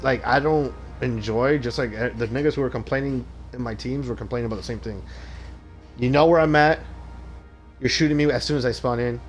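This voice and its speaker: A man streaming a game live, ranting loudly and with exasperation about the matchmaking, swearing constantly. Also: mid-range voice. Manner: profane ranting, loud and exasperated. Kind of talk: live gaming stream rant.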